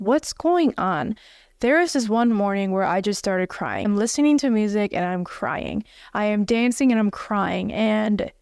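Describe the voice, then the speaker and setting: Young woman coach talking straight to camera, smooth clear voice, dry close sound, earnest and blunt. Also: medium pitch, a little mellow, no room sound. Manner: earnest and direct, blunt at times. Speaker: wellness coach. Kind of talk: motivational self-help talk.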